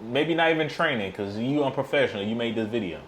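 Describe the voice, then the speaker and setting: A man's voice: medium pitch, lively intonation, fast talker, a bit bright, slight background noise. Heated, cursing man reacting to clips. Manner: blunt, heated, slangy trash talk. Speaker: streamer reacting to wrestling clips. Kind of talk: profane reaction commentary.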